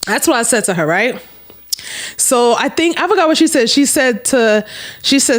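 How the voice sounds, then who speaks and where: A woman's voice: a little high, animated, moderate pace. A woman telling a storytime to her camera, candid and blunt, swearing freely and talking straight to her viewers. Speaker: storytime vlogger.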